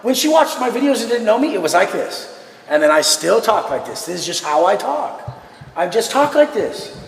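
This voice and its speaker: A man talking loudly and fast with heavy swearing, cutting in over others. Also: sits high, very animated, creaky. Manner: loud, profane, talks fast and over others. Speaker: guest in a filmed conversation. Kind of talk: heated casual talk. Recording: roomy echoey room, faint noise.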